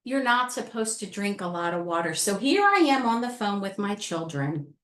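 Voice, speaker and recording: A middle-aged woman telling a personal story on a panel with animated, dramatic delivery. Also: mid-range voice, moderate pace, reverberant. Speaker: panel speaker. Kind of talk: storytelling talk.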